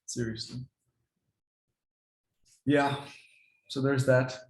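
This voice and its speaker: A man casually explaining how he trains his dogs, relaxed and rambling, laughing often. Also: mid-range voice, extremely slow, roomy sound, low-quality recording. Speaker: dog owner explaining training. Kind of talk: casual talk to camera.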